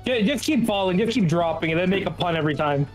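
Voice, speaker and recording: A friend in a gaming session, teasing crudely and putting on mock-formal deadpan replies over voice chat. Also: mid-range voice, quick pace, loud music behind the voice. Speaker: friend playing along. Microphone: voice chat mic.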